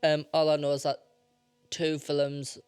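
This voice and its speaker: A man's voice: a little high, monotone, measured pace, darkish tone, clean tone, no echo. A young man hosting his own podcast, rambling and emotional as he talks. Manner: rambling, self-interrupting, emotional. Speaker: podcast host. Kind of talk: casual solo podcast talk.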